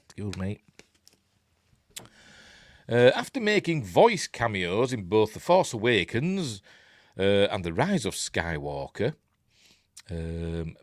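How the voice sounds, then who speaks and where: Yorkshire bloke hosting a live stream, lowish voice that bounces all over, dry close sound, keeps snarking at what he reads. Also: no echo. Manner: chatty and sarcastic, reads articles aloud and mocks them. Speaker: host of a live news stream. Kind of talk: casual live-stream commentary.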